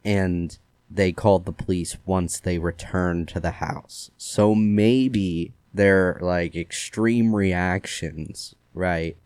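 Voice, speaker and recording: A man's voice: deep voice, slow, dry recording. A man hosting a casual true-crime podcast, retelling the case loosely with lots of "like" fillers. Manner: relaxed storyteller with many "like" fillers. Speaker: podcast host.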